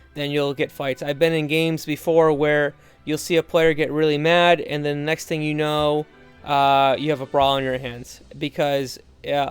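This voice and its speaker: A man's voice: fairly high pitch, clear, resonant tone. A man talking referees through game footage in an earnest, conversational way, full of asides and restarts. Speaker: referee trainer. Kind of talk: instructional video commentary.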